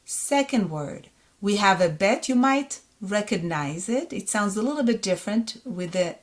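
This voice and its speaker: Israeli-accented woman teaching hebrew reading, real slow, sounds out each syllable then says it again. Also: mid-range voice, expressive. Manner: sounds out syllables slowly and repeats words. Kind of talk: slow, patient reading lesson.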